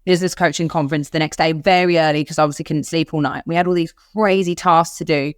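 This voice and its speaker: A woman in her thirties with an Australian accent, telling a personal story on a podcast in candid, animated chat and acting out the voices of others. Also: deep voice, fast talker, clean tone, dry recording, clean studio sound. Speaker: podcast co-host.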